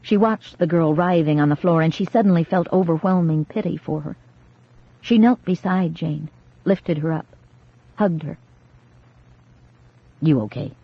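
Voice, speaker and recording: A woman narrating an audiobook in a measured, dramatic reading style, recorded in a studio. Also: on the low side, no echo. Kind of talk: scripted narration. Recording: dull, dry 1980s cassette studio reading.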